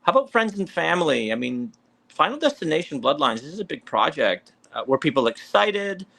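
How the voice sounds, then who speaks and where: Gravelly, lively-voiced male podcast host. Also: fairly high pitch, brisk. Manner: chatty, animated questioning. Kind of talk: casual interview chat.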